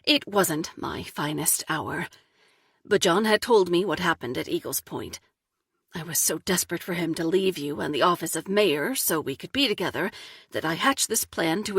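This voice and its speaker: A woman voicing a young man who speaks calmly and without pretense as he confesses his jealousy. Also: sits high, breathy edge, dry recording, studio quality, full character voice. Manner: calm, relaxed, without pretense.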